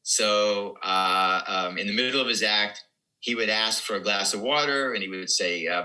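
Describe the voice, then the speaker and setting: A man's voice: fairly low pitch, normal speed, bright, forceful tone, rough recording. A man in his seventies, a comedian guest telling rambling anecdotes in casual podcast talk. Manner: rambling anecdotes with quoted dialogue.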